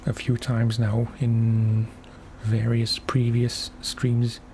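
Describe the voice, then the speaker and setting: A man streaming a game for relaxation, talking softly in unhurried, musing asides. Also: medium pitch, monotone, slight background noise. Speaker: gaming ASMR streamer. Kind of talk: soft-spoken gameplay commentary.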